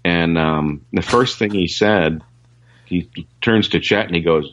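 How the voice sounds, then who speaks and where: A man's voice: sits low, unhurried, a bit bright, muffled recording, a little hiss or hum. A man, a session guitarist, telling anecdotes in a casual interview, rambling with lots of fillers and restarts.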